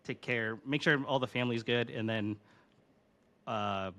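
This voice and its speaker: Bright-voiced rambling male podcast host. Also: medium pitch, unhurried. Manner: rambling, many fillers. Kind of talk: casual chat.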